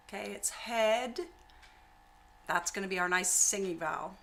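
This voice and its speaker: A middle-aged woman teaching a singing lesson at an unhurried pace. Her voice is bright and clear, and she speaks with warm encouragement. She stretches out each vowel she demonstrates. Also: medium pitch, slight background noise.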